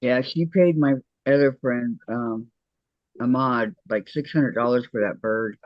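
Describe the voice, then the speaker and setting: A man's voice: mid-range voice, measured pace, no room sound, muffled recording. A man co-hosting a crafting livestream, making easygoing offhand remarks in casual chat.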